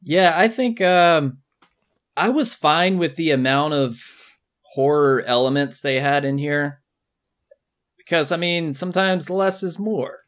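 A man co-hosting a podcast, talking about a film in a relaxed, easygoing way. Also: a little high, unhurried. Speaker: podcast co-host. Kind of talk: casual movie review chat.

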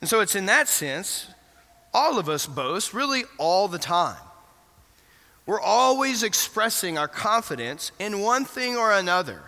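A man's voice: sits high, very animated, measured pace, sharp tone. A man preaching an interactive sermon in a church, asking the congregation questions and affirming their answers. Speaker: pastor. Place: church sanctuary. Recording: reverberant church hall.

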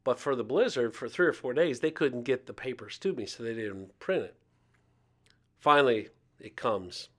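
In a conversational interview about faith and poverty, an Ohio man in his fifties recounts stories, acting out the voices of the people he quotes. His voice is medium-pitched and a bit bright, with a moderate pace.

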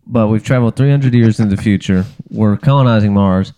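A man talking as a podcast guest, answering in a hesitant, earnest, deadpan way with plenty of restarts. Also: fairly low pitch, brisk, clear, resonant tone. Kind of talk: casual chat.

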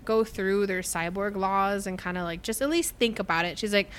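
A woman's voice: mid-range voice, fairly even intonation, moderate pace, clean tone. A young woman co-hosting a casual book podcast, retelling the plot in a chatty, filler-heavy way and laughing often. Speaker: podcast co-host. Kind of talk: casual book recap chat.

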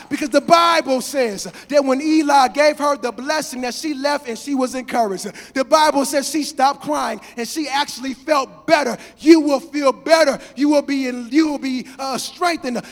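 A man preaching with a strikingly high voice and a fervent delivery. He climbs into shouts and half-sung lines. Long reverb from the church hall rings around every word. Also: normal speed, few pauses, soft background music. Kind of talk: sermon.

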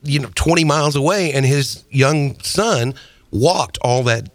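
A man's voice: medium pitch, a little slow, no echo. A man in casual comedic chat, earnestly retelling things at length.

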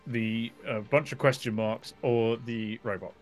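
A player in a tabletop game who speaks in a lively, hesitant way over faint music. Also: mid-range voice, measured pace. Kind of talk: casual chat.

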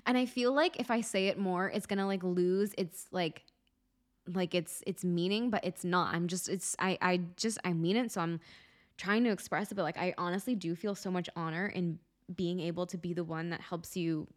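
A young woman talks through a casual solo podcast episode in an open, emotional way. She sounds close to tears, fills her sentences with "like," and swears freely as she goes. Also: on the low side. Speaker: podcast host and life-purpose coach.

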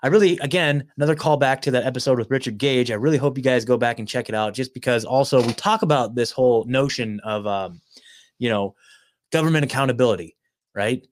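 A man's voice: medium pitch, brisk. A man hosting a livestream, ranting with heated, taunting energy, swearing freely and breaking off to read news excerpts aloud. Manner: fired-up, taunting, swears a lot; reads news excerpts aloud between rants. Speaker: livestream host.

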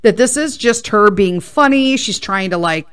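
A woman's voice: mid-range voice, lively intonation, moderate pace, clear, resonant tone, dry recording, clean studio sound. A woman hosting a casual storytelling podcast, ranting profanely and drifting into tangents. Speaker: podcast host.

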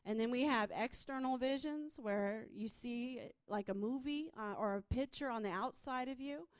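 Woman, fairly high voice, dry close sound, chatty testimony, lots of fillers and restarts. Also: normal speed, dry recording. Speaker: prophetic minister. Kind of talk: personal testimony.

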